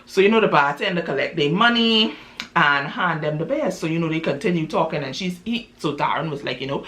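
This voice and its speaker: A woman tells a story out loud in loose, casual chatter. Her pitch leaps around with lively energy, and she keeps checking in with her listeners. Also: fairly quick. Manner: chatty, lots of "you know" and "right?".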